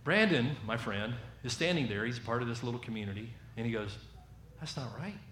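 A man with a Southern American accent delivers a storytelling sermon, acting out the voices in his tale with animated shifts. His voice sits at a middling pitch. The room echoes, with a faint hiss behind him. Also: quick pace.

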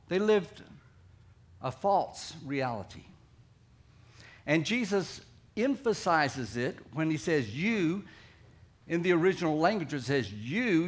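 A middle-aged man with a Southern American accent preaches, his voice sitting a little above the usual male range. He drives earnestly through his points, often dropping into soft, quiet asides before pressing in again. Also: on the high side. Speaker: pastor. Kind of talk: sermon.

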